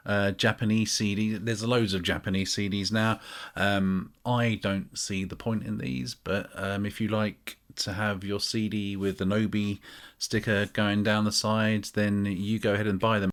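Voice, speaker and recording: A British man chatting casually to camera as a music vlogger, rambling and self-mocking, with many ums. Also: fairly low pitch.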